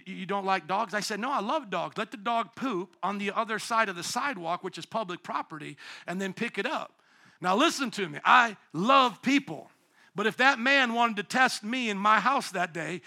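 A man preaching a sermon as pastor, emphatic, dropping to hushed tones and rising to loud calls to the congregation. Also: high voice, creaky. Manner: call-and-response with congregation.

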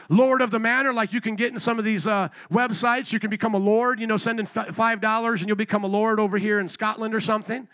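A man preaching a sermon with fervent call-and-response, pressing his listeners and at times shouting. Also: high-pitched, fairly even intonation, fast, few pauses, no echo. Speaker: pastor.

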